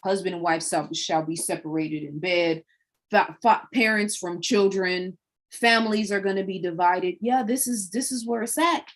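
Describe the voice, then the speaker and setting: A woman's voice: medium pitch, steady tone, moderate pace. A woman hosting a livestream, delivering a preachy monologue full of rhetorical questions. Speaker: livestream host.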